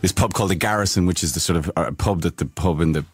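Guy, deep low voice, soft-spoken, lots of false starts, guest on a radio chat. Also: fast, husky. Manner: soft-spoken, hesitant with many restarts. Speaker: guest actor. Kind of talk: casual radio interview.

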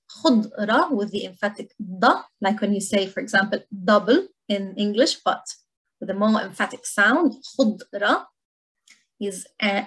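A woman with a Lebanese accent gives a language lesson, saying each word slowly and more than once. Her voice is husky and breathy, at a middle pitch. She sounds patient and clear as she explains to her learners. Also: poor audio. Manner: slow and clear, repeating words for learners. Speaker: Lebanese Arabic teacher.

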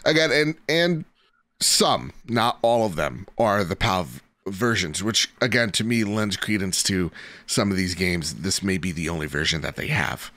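A man's voice: low voice, animated, normal speed, pushed and bright, dry recording. Rambling male podcast co-host. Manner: rambling, lots of "like" fillers. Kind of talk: casual chat.

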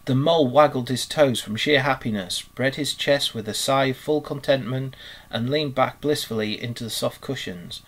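A male teacher reads a children's classic aloud at a measured, expressive storytelling pace. His voice sits at an ordinary middle pitch for a man. The is clear and even throughout. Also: rough recording. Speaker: primary school teacher. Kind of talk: reading a children's book aloud.

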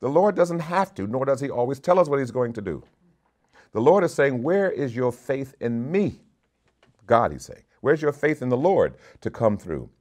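A man's voice: mid-range voice, sing-song, normal speed, darkish tone. A man preaching a sermon as a bishop, reading scripture aloud and building in intensity.

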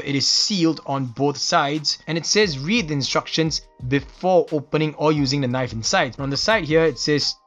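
A man's voice: medium pitch, fairly bright tone. A man from Singapore with a Singaporean English accent, casually narrating an unboxing and reviewing details with enthusiastic, admiring exclamations. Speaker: knife reviewer.

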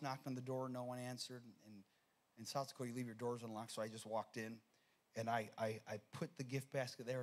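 A man preaching a sermon as pastor, telling a story with animated energy and frequent repeated words. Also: mid-range voice. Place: church sanctuary.

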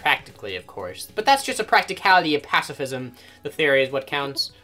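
A young man co-hosting a comedic let's play, joking in a mock-serious deadpan way. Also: on the high side, brisk, soft background music. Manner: jokey, deadpan mock-serious, voices game characters. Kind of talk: casual joking game commentary.

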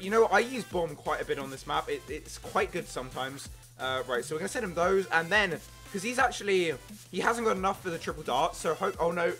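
An excitable young man giving casual gameplay commentary, jumping into yelps when things go wrong. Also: a little high. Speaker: gaming YouTuber.

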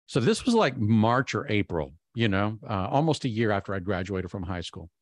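A man giving a keynote speech, telling a personal story in an animated way and acting out his own inner voice. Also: on the low side, normal speed, no echo. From Texas. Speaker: keynote speaker.

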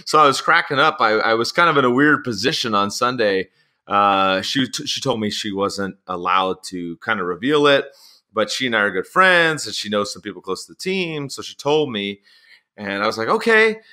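A man hosting a sports podcast in casual chat, a chatty and animated storyteller. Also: fairly low pitch, moderate pace. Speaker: podcast host.

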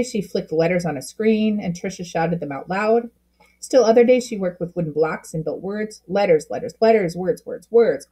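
A woman reading a children's book aloud with expressive storytelling, slowing down at key moments. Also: lowish voice, breathy edge. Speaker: storybook reader.

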